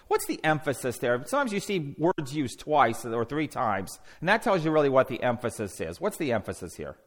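Lively man teaching a Bible class. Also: mid-range voice, brisk, hardly any pauses. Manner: animated, asks the class questions and restarts often.

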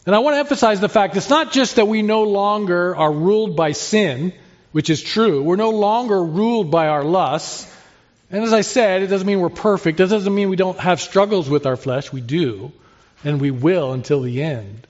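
A man's voice: high-pitched, moderate pace. A man preaching an expository sermon in an earnest, conversational way, asking and answering rhetorical questions. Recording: slightly dull, lo-fi sermon recording.

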